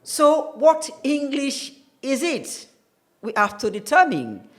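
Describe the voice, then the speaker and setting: Very high-pitched and very animated, this English tutor speaks at a slow pace. He's teaching an English lesson on television, carefully explaining and spelling words out one letter at a time.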